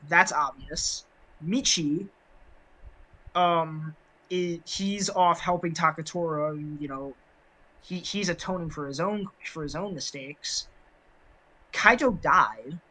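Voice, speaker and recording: A man's voice: a little high, takes it slowly, pauses often, sharp tone, low-quality recording. A man co-hosting a casual podcast chat, rambling with many fillers and restarts. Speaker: podcast co-host.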